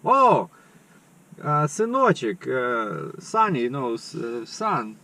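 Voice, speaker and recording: A man's voice: mid-range voice, big pitch swings, takes it slowly, gravelly, bright, forceful tone, recorded from a distance, a little hiss or hum, exaggerated voice. A man voicing his elderly mother on the phone, confused and stammering. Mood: flustered.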